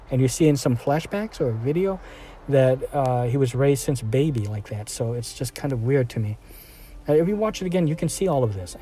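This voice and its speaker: A man's voice: medium pitch, dark tone. Rambling man reviewing a film. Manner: rambling, full of fillers and restarts. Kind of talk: casual spoken film review.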